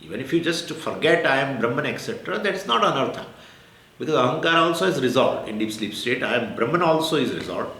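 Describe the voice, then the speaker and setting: A man's voice: medium pitch, sing-song, fast, bright, forceful tone. Indian man teaching in an echoey room. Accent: Indian English. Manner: explains in short repeated phrases, mixes Sanskrit terms, chuckles now and then. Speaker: Vedanta teacher. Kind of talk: spiritual discourse. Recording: echoey room with faint ambient noise.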